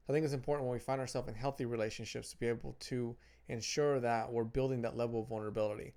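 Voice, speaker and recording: A man's voice: medium pitch, fairly even intonation, quick pace, warm tone. A man talking earnestly to camera about relationships, giving advice from his notes and often repeating and restarting phrases. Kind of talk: casual advice talk to camera.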